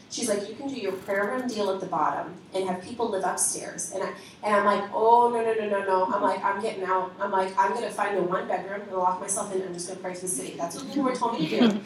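A woman leader giving a lively spoken testimony to a congregation, acting out the conversations she recounts. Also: mid-range voice, a little hiss or hum. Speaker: ministry leader. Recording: echoey hall from far off.

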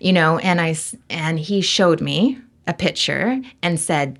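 A woman appears as a guest on an interview show, recounting a personal experience with a lot of energy. Her voice sits on the low side for a woman. She fills the story with "like" and acts out every quoted line. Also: a little slow, a little hiss or hum. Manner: expressive, leans on "like" and acted-out quotes. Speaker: guest, intuitive medium.

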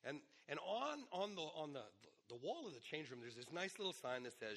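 A middle-aged male pastor preaching a sermon, hoarse today, in a conversational way with asides. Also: a little high, sing-song, brisk, few pauses, a bit bright.

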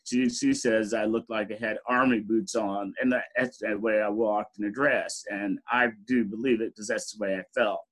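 A man's voice: on the low side, poor audio. A middle-aged man, an interview guest, telling personal stories in a candid way, laughing often and saying "you know" a lot. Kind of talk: reflective personal storytelling.

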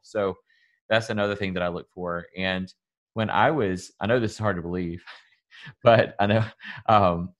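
Earnest man with a Southern drawl. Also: sits low. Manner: earnest, motivational, loose and rambling. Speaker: guest, salon owner and public speaker. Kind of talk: casual podcast interview.

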